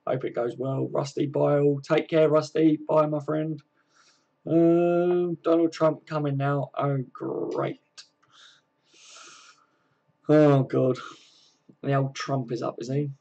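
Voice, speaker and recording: A man's voice: on the high side, level tone, takes it slowly, creaky, pauses often, mellow, dull audio. A man hosting a casual livestream from home, reading viewer comments and chatting in a friendly way, calling everyone mate. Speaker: livestream host.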